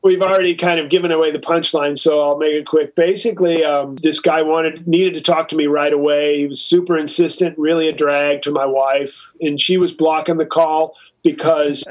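A man's voice: fairly high pitch, steady tone, moderate pace, hardly any pauses, poor audio. A man telling a long story in a casual interview, loose and profane, with lots of "you know" and "like". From California. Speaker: guest musician.

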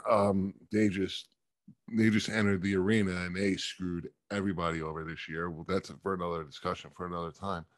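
A man talking casually as a podcast co-host, explaining things in quick bursts with fillers. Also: deep voice, level tone, no room sound, studio quality. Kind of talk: casual discussion.

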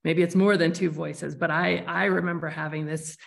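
This podcast host is a woman whose creaky voice sits on the lower side, with fairly even intonation and a normal speed. Her reflective interview style is searching and thoughtful, marked by frequent restarts.

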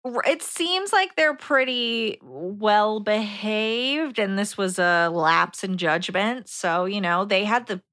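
A woman's voice: mid-range voice, expressive, slow pace, hardly any pauses, fairly bright tone. A woman co-hosting a podcast, chatting casually and agreeably, laughing along. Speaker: podcast co-host. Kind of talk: casual chat.

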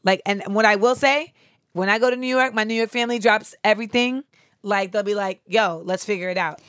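A woman from Orlando hosting a podcast, chatting and telling stories in a relaxed, easygoing way. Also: on the high side, fairly quick, smooth, no room sound, studio quality. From Orlando, Florida. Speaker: podcast host. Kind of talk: casual podcast chat.

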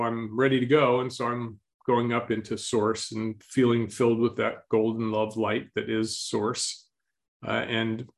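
A man telling a story as an interview guest, speaking slowly and calmly and clearing his throat often. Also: on the low side.

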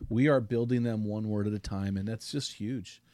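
A man's voice: lowish voice, steady tone, moderate pace, mellow, no room sound. A middle-aged man hosting a men's podcast, speaking in an earnest, heartfelt, preacherly way. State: choked up. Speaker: podcast host. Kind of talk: casual men's podcast talk.

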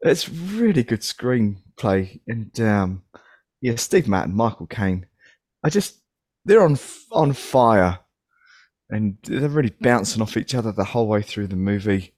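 A man's voice: lowish voice, big pitch swings, a little slow, darkish tone, dry recording, clean studio sound. A man hosting a podcast, chatty and laughing often as he talks over films. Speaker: podcast host. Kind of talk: casual chat.

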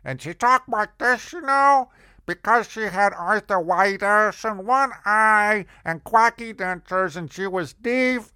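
A man voicing a fussy, deaf elderly landlady with loose dentures, in a high quavering voice. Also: takes it slowly, pushed and bright, clear, resonant tone, no room sound, studio quality.

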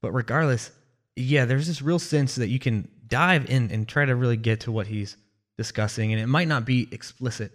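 A man's voice: medium pitch, moderate pace. A man co-hosting a casual album review, talking thoughtfully with many fillers and restarts. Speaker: music review co-host.

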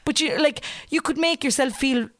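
A woman's voice: high voice, moderate pace, fairly bright tone, no room sound, studio quality. A chatty Irish woman in her thirties, co-hosting a casual podcast and joking often. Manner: chatty, jokey, laughs often. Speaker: podcast co-host. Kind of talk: casual chat.

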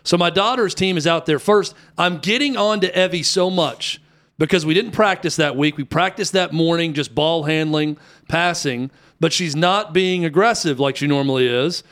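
High-voiced man telling a lively story. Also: normal speed. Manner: animated, acts out quotes with rising pitch. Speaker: youth basketball coach telling a story. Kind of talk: casual storytelling chat.

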